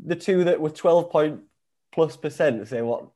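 A man's voice: fairly high pitch, moderate pace, warm tone. A man hosting a podcast, bantering casually over a video call. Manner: banterous, joking, swears casually. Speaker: podcast host.

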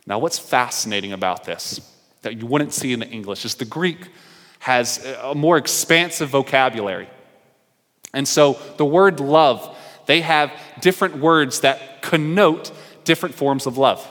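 A man's voice: medium pitch, lively intonation, unhurried, a bit bright. A male pastor preaching a sermon, telling the story and acting out the characters' lines. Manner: storytelling preacher who acts out the characters' dialogue. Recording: long hall reverb.

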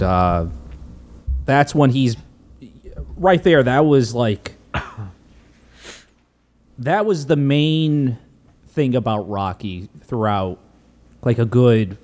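A man in a casual chat, recapping a film in a halting way with many fillers. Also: mid-range voice, a little mellow.

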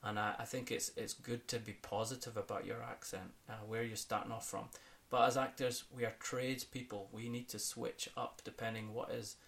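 A man's voice: mid-range voice, moderate pace, gravelly, hardly any pauses. A man from the United Kingdom, an accent coach talking enthusiastically in a podcast interview. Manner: enthusiastic, animated when talking about accents; fillers and restarts, thoughtful.

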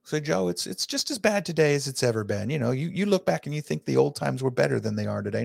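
A middle-aged man hosting an opinion talk show, folksy, preachy and emphatic, with big swings in pitch. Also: lively intonation, brisk, creaky, few pauses. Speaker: host.

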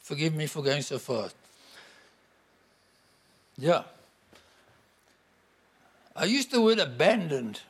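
A middle-aged man preaching a sermon to a congregation, emphatic and animated. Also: fairly high pitch, slow pace, pauses often, slightly rough. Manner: animated, emphatic, bursts into acted-out quotes.

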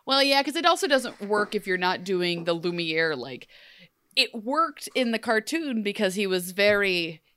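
A woman's voice: mid-range voice, sing-song, moderate pace, fairly bright tone, smooth. A woman co-hosting a casual chat show, speaking conversationally and laughing between remarks. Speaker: podcast co-host.

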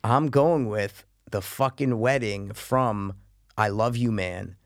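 A man's voice: fairly low pitch, takes it slowly, no room sound, studio quality. A man co-hosting a casual podcast chat. He talks loosely, swears a lot and says "you know what I'm saying" often. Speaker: podcast co-host.

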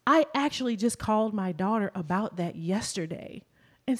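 A woman's voice: mid-range voice, expressive, moderate pace. A middle-aged woman speaking as a panelist in a candid discussion, emphatic and emotional as she gives advice.

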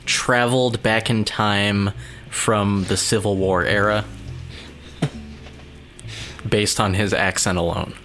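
A man on a casual podcast chat, cutting in with quick joking one-liners. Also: lowish voice, flat delivery, over music.

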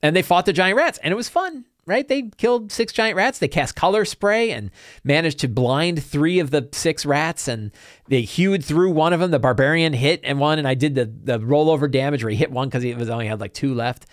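A man's voice: fairly high pitch, lively intonation, brisk, dry recording, studio quality. Rambling man recapping a tabletop game. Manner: rambling storytelling with many asides and "right?". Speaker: podcast host and game master. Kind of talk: casual session recap.

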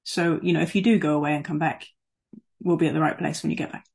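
Husky woman praying over a video call. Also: deep voice, fairly even intonation. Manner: gentle, measured praying, casual asides. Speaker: guest speaker. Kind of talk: prayer and sermon on a video call.

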